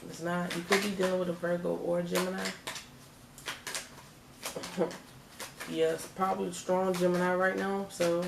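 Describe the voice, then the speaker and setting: A woman gives a casual tarot reading in a lowish, gravelly voice, chatty and emphatic, repeating herself for effect. She sits a bit back from the mic in an echoey room with faint noise behind. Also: flat delivery, normal speed, pauses often, far from the mic. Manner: chatty, emphatic, repeats phrases, laughs often. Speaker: tarot reader.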